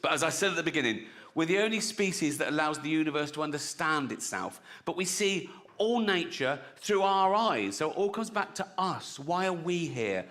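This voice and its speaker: A middle-aged man from England performing a stand-up comedy set, animated and often laughing at his own jokes as he acts out little voices. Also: a little high, moderate pace. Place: theatre stage before an audience.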